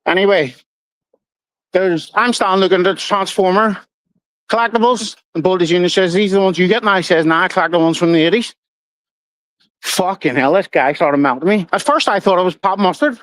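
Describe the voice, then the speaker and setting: A man's voice: sits high, fairly bright tone, no echo, poor audio. Sweary man rambling. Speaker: livestream host. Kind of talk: casual livestream chat.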